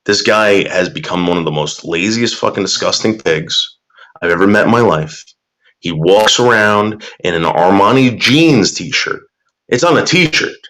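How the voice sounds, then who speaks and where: Lowish-voiced streamer guy, rambling, swears a lot, pitch jumps all over, reads chat. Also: lively intonation, measured pace, fairly bright tone. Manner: profane, rambling storytelling. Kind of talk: casual chat reacting to viewer comments.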